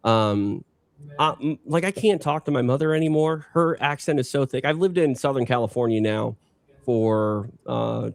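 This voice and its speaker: A man with a slight Minnesota accent, a longtime combat sports announcer, chatting as a podcast guest in a low-key, unprojected everyday voice. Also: vocal fry, no echo. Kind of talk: casual interview chat.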